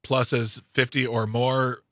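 A man co-hosts a loose radio talk show, cracking sarcastic jokes between news items. His voice is very bright and sharp, set at a middle pitch. It is recorded close and dry. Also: level tone, takes it slowly, no room sound. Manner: joking, sarcastic banter. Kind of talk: casual radio chat.

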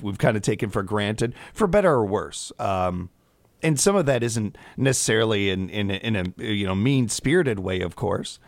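A man's voice: medium pitch, no room sound. A man hosting a morning radio show, chatting in a folksy, rambling way with many asides, from a studio microphone. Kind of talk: casual radio chat.

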